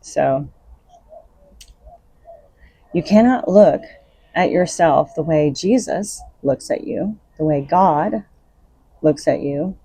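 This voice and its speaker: Woman, podcast host, unscripted spiritual talk, earnest and coaching, husky, dry close sound. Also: sits low, takes it slowly, long pauses, mellow, no room sound. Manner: earnest, coaching, laughs between thoughts.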